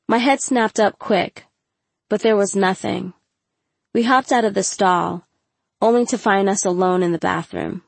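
A woman narrating a first-person audiobook in a measured storytelling voice with casual slang. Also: medium pitch, gravelly, no room sound.

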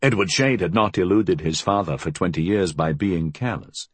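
Deep-voiced male audiobook narrator. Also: breathy edge, no room sound. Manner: measured, expressive storytelling.

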